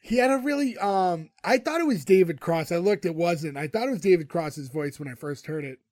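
A man recaps a TV episode in casual podcast chat, his voice sitting high for a man. He tells the story animatedly and laughs often. The sound is dry and close. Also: animated, brisk, darkish tone, no room sound.

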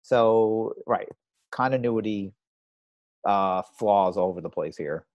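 A man's voice: on the low side, slow, dry recording, muffled recording. A man co-hosting a podcast, casually retelling TV scenes and quoting lines. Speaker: podcast co-host. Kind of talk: casual recap chat.

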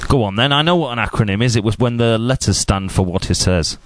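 A man's voice: fairly low pitch, fast. A man with a Welsh accent co-hosting a podcast, teasing and playful in casual chat. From Wales. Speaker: podcast co-host.

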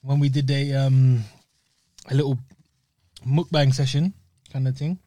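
A man co-hosting a podcast, explaining things in a laid-back, steady way over a meal. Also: medium pitch, measured pace, no echo. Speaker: podcast co-host. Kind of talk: casual chat while eating.

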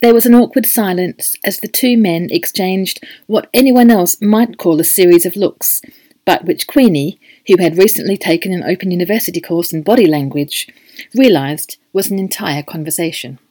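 A woman reading a story aloud as a scripted audiobook narration, clear and even. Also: lowish voice, moderate pace, dry recording.

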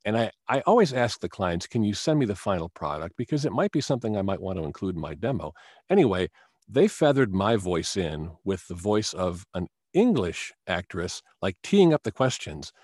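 A man's voice: sits low, husky, dry recording, studio quality. A man who works as a voice actor, telling stories as a guest in a casual interview. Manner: storytelling, animated, with quick restarts.

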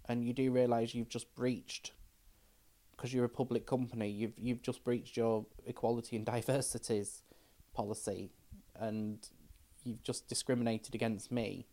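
A woman's voice: rumbling low, little pitch movement, normal speed, mellow. A middle-aged trans woman, talking frankly as a podcast guest and telling stories with quoted dialogue. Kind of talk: casual chat.

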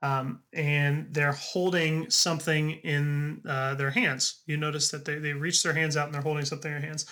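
A man narrating as game master of a tabletop game, halting with frequent ums and uhs. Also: on the high side, level tone, sharp tone.

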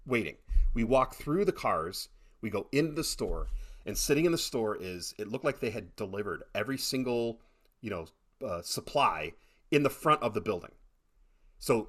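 A middle-aged man chatting casually on a podcast, telling animated stories with many repeated starts. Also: mid-range voice, breathy edge. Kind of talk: casual chat.

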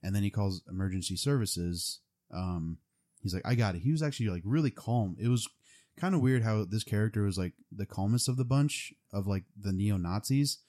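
A man's voice: fairly low pitch, animated, moderate pace, warm tone. A young man casually retelling a movie plot, rambling with lots of fillers. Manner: rambling, full of "like" and "um".

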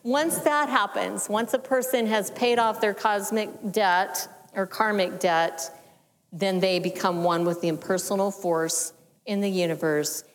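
A woman teaching a church audience in a measured, explanatory way, letting her voice sink softly at the ends of phrases. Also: lowish voice. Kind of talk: sermon teaching. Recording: long hall reverb.

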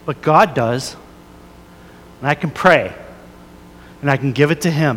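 A man in his thirties preaching a sermon, earnest and confessional, shifting from soft prayer to emphatic storytelling. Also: a little high, a little slow, pauses often, in a large hall, a little hiss or hum. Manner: earnest, confessional, many fillers and restarts, soft prayerful then rising emphatic. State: a little emotional. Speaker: pastor.

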